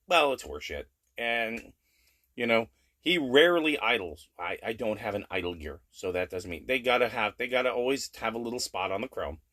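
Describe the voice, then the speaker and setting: A blunt, plain-spoken middle-aged man talks at home in a casual daily update. He gets animated as he rants, with no polish to his delivery. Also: mid-range voice. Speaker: vlogger.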